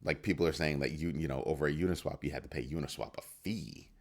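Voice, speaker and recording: A man's voice: very deep voice, fast talker. A man hosting a crypto news show in casual solo commentary, firing rhetorical questions and restarting his phrases. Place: home studio at a computer.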